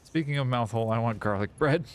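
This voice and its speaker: A man's voice: mid-range voice, quick pace, clear, resonant tone. Rambling, foul-mouthed male game streamer. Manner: rambling, self-mocking, swears often. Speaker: live streamer playing a factory game. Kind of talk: casual rambling stream chat.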